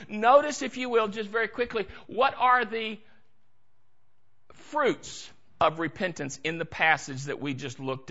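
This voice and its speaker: A man's voice: very high voice, pushed and bright, highs cut off. A man preaching a sermon, storytelling with dramatic swings and acting out the voices he quotes. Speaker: pastor.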